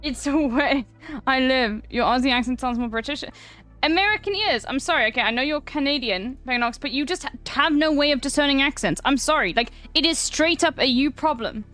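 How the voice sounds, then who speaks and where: A young South African woman with a South African accent, casually chatting to her live-stream viewers, blunt and quick to swear. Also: high voice, a bit bright, faint music behind. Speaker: livestreamer.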